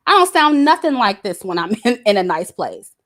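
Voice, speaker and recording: A woman's voice: medium pitch, very animated, normal speed, a bit bright. A woman, giving a blunt, emphatic commentary straight to her audience, cursing and repeating her points. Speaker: YouTube commentator. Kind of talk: casual direct-to-camera rant.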